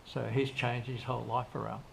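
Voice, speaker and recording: An older man with a gravelly, creaky voice recounts his life in a loose, rambling way, acting out both sides of old conversations. He restarts sentences often and circles back as he goes. A faint hum of background noise sits under the recording. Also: medium pitch, little pitch movement, fairly quick, fairly bright tone. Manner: rambling, with frequent restarts and quoted dialogue. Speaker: interview guest. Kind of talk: casual storytelling in an interview.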